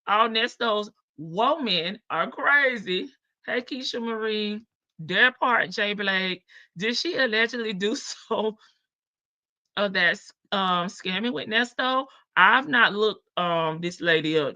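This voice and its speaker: A woman hosts a casual livestream, sassy and quick to laugh as she answers her chat. She talks slowly in a bright, slightly high voice. The sound is dry and a bit dull. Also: animated, no room sound. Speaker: livestream host.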